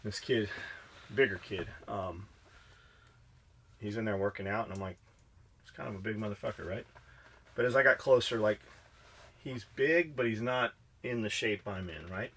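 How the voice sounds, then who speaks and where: A man's voice: fairly low pitch, normal speed, long pauses, fairly bright tone, husky. A man co-hosting a podcast, telling stories in a blunt, profane, fired-up way. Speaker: podcast co-host. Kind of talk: casual podcast chat.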